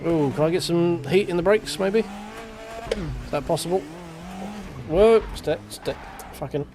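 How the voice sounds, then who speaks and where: A man's voice: on the high side, normal speed, background noise. A man chatting loosely to his stream while driving a racing sim, thinking aloud and swearing casually. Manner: rambling, self-talking, casual swearing. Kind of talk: live gameplay commentary.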